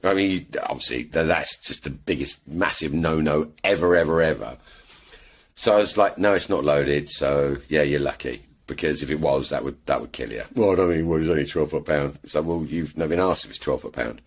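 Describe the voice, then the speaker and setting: A man's voice: a bass voice, fairly quick. A British man from England, a podcast guest chatting casually and telling rambling stories full of restarts and asides. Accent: British English. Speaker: podcast guest, airgun shooter. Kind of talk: casual chat.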